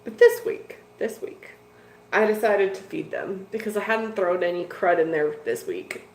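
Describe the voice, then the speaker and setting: A woman's voice: medium pitch, unhurried, darkish tone. A woman hosting a casual fish-keeping live stream from a home room full of tanks, rambling along to her viewers with plenty of "like" and "dude". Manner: rambling and chatty, with lots of "like" and "dude". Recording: echoey room with faint noise.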